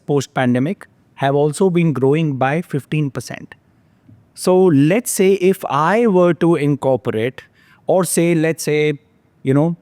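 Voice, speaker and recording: Man, podcast host, analytical, number-driven, fairly high voice, dry close sound. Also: warm tone, no echo. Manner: analytical, walks through numbers with checking tags like "yeah?". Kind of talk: podcast discussion.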